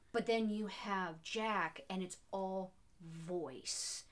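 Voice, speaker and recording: A woman co-hosting a podcast chats enthusiastically about an old film, her mid-range voice moving slowly. She's casual and excited, peppering her speech with "like" and frequently starting her sentences over.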